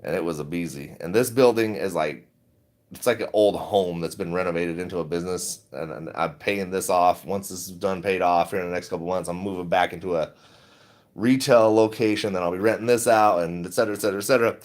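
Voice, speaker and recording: A man's voice: low-pitched, brisk. A middle-aged man chatting casually on a livestream, rambling and laid-back, laughing often as he talks. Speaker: stock vlogger.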